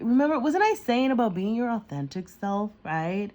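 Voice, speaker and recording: A woman giving a casual tarot reading, rambling and excitable, often apologizing and laughing. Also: a little high, normal speed, muffled recording. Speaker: tarot reader.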